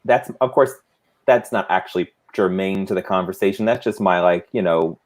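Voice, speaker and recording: Measured low-voiced male guest. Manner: thoughtful, anecdotal, measured. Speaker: guest speaker. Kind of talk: casual panel discussion.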